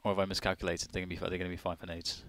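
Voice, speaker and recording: A man's voice: low-pitched, monotone, racing, fairly bright tone, no room sound. A man giving chatty color commentary on an esports match, thinking aloud as he analyses the play.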